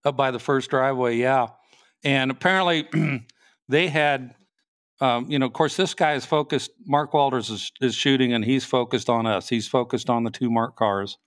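A man's voice: mid-range voice, clean studio sound. Trooper guy telling his story, lots of restarts, plain voice, no room echo. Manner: halting, restarts sentences often. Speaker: state trooper, guest. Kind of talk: casual interview storytelling.

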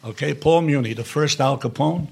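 An older man as a podcast guest, telling blunt, profane anecdotes in an animated, storytelling way. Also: a little high, moderate pace, vocal fry, slightly rough.

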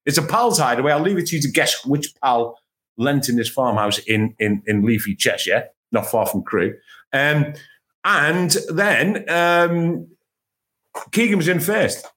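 Panel guest: a man with a slightly high voice, chatty and animated, trips over his restarts while spinning football anecdotes from home. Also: measured pace. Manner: animated storyteller, repeats words as he restarts. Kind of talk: casual panel chat, telling anecdotes. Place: at home, remote.

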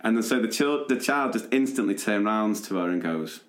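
A man co-hosting a podcast, telling a funny story in a lively, chatty way and laughing as he goes. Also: lowish voice, brisk. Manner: animated anecdote-telling with laughter and quoted voices. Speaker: podcast co-host. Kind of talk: casual storytelling chat. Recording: roomy echo.

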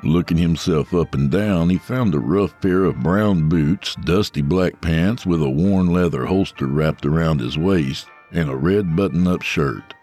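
Deep-voiced male story narrator. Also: a little slow, few pauses, a little mellow, soft background music.

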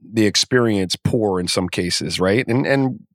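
A man's voice: lowish voice, measured pace, no room sound, studio quality. A man co-hosting a podcast who gives strong opinions in casual sports chat. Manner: opinionated, emphatic, with many restarts. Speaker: podcast co-host.

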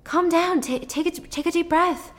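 A woman's voice: very high-pitched, normal speed, long reverb tail, voice pushed up. A woman voicing a stressed, controlling older brother who sounds urgent and exasperated while retelling a story.

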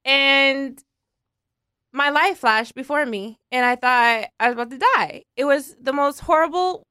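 A woman's voice: sits high, measured pace, bright, forceful tone, no room sound, clean studio sound. A woman co-hosting a casual podcast chat, telling a story emphatically and swearing freely. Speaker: podcast co-host.

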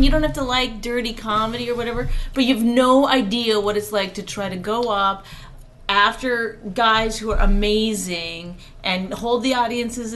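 A woman's voice: a little high, fairly bright tone. Blunt, profane woman podcaster. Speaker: podcast co-host, comedian. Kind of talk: casual podcast banter. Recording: faint background noise.

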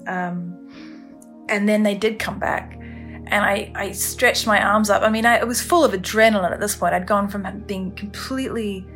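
Woman, podcast testimony, halting speech, emotional, soft music underneath. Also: medium pitch, fairly even intonation. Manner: halting, emotional, many restarts. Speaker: storyteller recounting her ordeal. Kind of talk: candid first-person podcast testimony.

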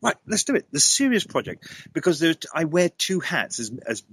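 A man's voice: fairly high pitch, sing-song, normal speed, a bit bright, breathy edge, rough recording. A man, a guest in a conversation, telling a long story with animation, often laughing and repeating words.

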